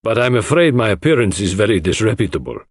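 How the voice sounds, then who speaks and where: A man's voice: sing-song, quick pace, husky, dry recording, studio quality. A man voicing an apologetic, rueful country doctor in a storybook. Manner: lowered and sheepish.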